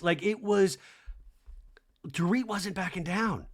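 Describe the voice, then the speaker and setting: A man hosting a podcast, recapping reality TV in a chatty, animated, profane way. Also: fairly high pitch, normal speed. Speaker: podcast host.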